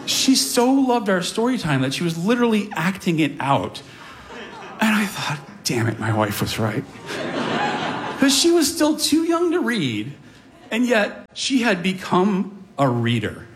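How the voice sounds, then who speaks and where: Man, middle-aged, lively storyteller, slightly high voice, wry asides, stage before a crowd. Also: a little hiss or hum. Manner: animated, self-deprecating, wry asides. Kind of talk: live comic storytelling. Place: stage before a live audience.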